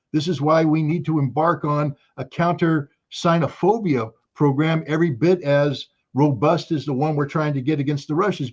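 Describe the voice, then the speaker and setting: A man's voice: on the high side, darkish tone, slightly rough, highs cut off. An American man speaking as a guest on a livestream interview, emphatic and lecturing, repeating points for force. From United States. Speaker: guest commentator.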